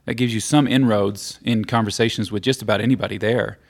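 A man hosting a casual conversation, asking questions and adding thoughts with a hesitant, halting manner. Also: on the low side, fairly even intonation. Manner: hesitant, many fillers and restarts. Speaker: podcast host.

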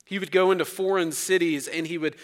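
Male pastor, slightly high voice, emphatic sermon delivery, long church reverb. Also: fairly even intonation, a little fast. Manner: emphatic, dramatic swings in loudness. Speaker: preacher. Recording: long reverb of a large hall.

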